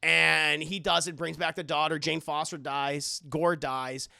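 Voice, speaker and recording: A young adult man reviewing a film for a live stream chat, animated and rambling, swearing often. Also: fairly high pitch, unhurried, gravelly, no echo.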